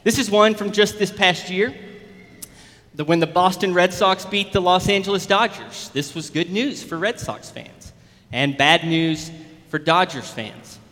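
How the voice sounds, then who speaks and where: Brief: male pastor, high bright voice, conversational sermon delivery, heard with long reverb in a church hall. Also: a little slow. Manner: conversational preaching with examples.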